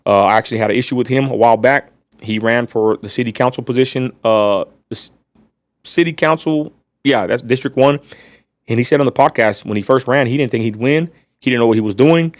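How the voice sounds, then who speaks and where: A man's voice: mid-range voice, quick pace, no echo. A man with a West Texas accent hosting a casual livestream, ranting bluntly and talking straight to his viewers. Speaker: livestream host.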